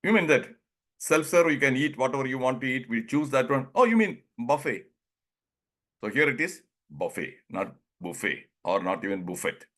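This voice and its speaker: A man with an Indian English accent talks casually to a group over a video call, chuckling as he goes. He acts out short exchanges and stretches words out slowly so they can be heard. His voice sits at an ordinary male pitch. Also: animated, fairly bright tone. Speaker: presenter leading an online group session. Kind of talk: informal talk on English pronunciation.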